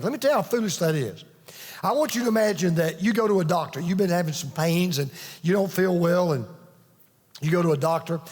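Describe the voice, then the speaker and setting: Pastor guy giving a sermon, kinda high voice, big echoey church hall, earnest storytelling. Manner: earnest storytelling, emphatic with restarts. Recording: long reverb of a large hall.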